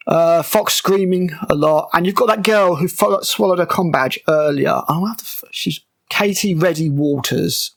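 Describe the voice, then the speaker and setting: A man's voice: a little high, normal speed, creaky. A man giving a sarcastic, exasperated breakdown of a TV episode, mocking it as he goes. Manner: exasperated, mocking, with frequent fillers and restarts. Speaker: TV show reviewer.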